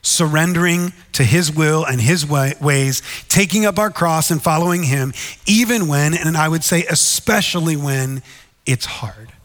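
A man's voice: fairly high pitch, a bit bright, long reverb tail. A man preaching a sermon in an earnest, conversational way, often turning to the listeners with "right?". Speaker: pastor.

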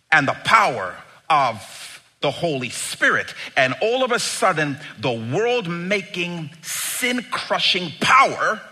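A middle-aged man preaching a sermon, dramatic and emphatic, moving between quiet asides and loud bursts. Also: a little high. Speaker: pastor.

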